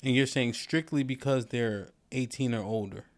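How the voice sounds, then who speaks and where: A man hosting a podcast discussion, asking probing questions with halting restarts. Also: medium pitch. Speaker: podcast host. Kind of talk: casual discussion.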